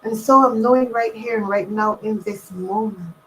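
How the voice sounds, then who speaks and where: A woman from Barbados leading a calm, meditative invocation prayer. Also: medium pitch, moderate pace, a little hiss or hum, low-quality recording. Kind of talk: slow guided prayer.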